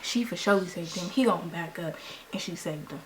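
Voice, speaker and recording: Young woman, beauty vlogger, casual storytime, slangy and lively, faint noise floor. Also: on the low side, a little fast, poor audio. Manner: animated, slangy, acts out quoted lines. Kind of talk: casual storytime while doing makeup.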